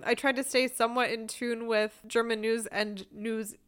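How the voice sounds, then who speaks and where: A woman hosts an easygoing interview, her voice slightly high. She talks loosely, peppering her speech with "like" and frequent laughter. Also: moderate pace, clear, resonant tone. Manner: relaxed, laughs often, filler "like". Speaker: podcast host. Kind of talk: casual interview.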